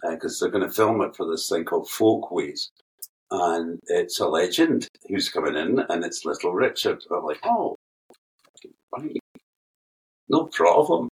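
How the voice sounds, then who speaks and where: A man's voice: low-pitched, a little slow. An older Scottish man, a guest musician, telling rambling anecdotes with laughter and swearing. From Scotland. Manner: animated storyteller, laughs often, swears freely. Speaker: guest keyboard player. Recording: distant from the mic.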